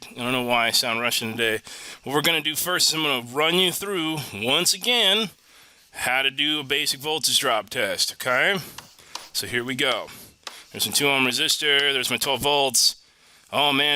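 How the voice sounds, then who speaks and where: A man's voice: mid-range voice, pushed and bright, low-quality recording. A man teaching an automotive electrical lesson in a casual, joking way, full of asides. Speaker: automotive instructor. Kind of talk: recorded online lesson.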